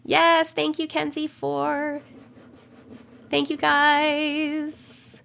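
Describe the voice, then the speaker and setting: A young woman hosting a livestream, reading viewers' stories aloud and chatting casually, her voice a bit rough from a cold, humming filler syllables while she waits. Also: high voice, monotone, extremely slow, fairly bright tone. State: voice rough from getting over a cold.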